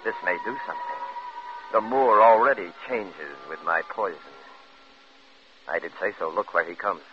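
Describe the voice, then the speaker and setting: An actor playing a sly, scheming villain in a 1950s radio drama, speaking in smooth, insinuating tones on an old radio broadcast. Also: male voice, sits low, lively intonation, moderate pace, dull audio.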